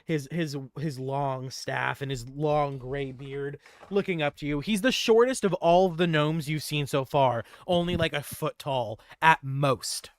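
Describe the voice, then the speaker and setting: Young man game master, a bit high. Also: a little slow, few pauses, dry recording, clean studio sound. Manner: rambling, repeats and restarts words. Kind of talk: narrating a tabletop game.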